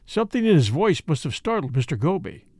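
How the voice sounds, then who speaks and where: A man narrating a classic mystery novel in an audiobook, measured and expressive. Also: a little high, slightly rough, no room sound, clean studio sound. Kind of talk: scripted narration.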